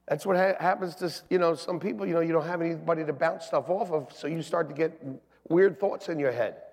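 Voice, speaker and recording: A male pastor preaches an animated storytelling sermon in a church, swinging from hushed asides to loud bursts as he acts out the people in his stories. His voice sits high and carries a gravelly, husky edge. It rings out with a long reverb through a large sanctuary. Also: fairly quick.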